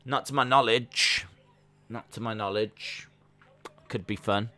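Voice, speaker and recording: A bright-voiced man calls wrestling live as a stream reaction host, taking it slowly in a casual watch-along with a dry recording. Between moves he answers chat questions, and when excited he breaks into high-pitched disbelief.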